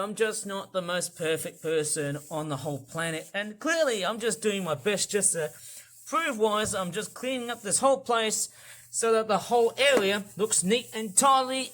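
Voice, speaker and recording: Australian male vlogger with a high voice, rambling, upbeat and repetitive, casual chat at home. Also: a bit bright. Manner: rambling, chatty, upbeat, repeats himself. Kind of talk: casual vlog chat while cleaning. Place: his own house, indoors.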